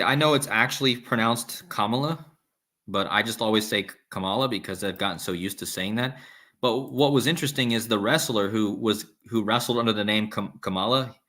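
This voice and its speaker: Male livestream host, low-pitched, loose and rambling, reads chat. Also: fairly bright tone. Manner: rambling, restarts, reads viewer comments aloud. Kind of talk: casual live-stream talk reading chat.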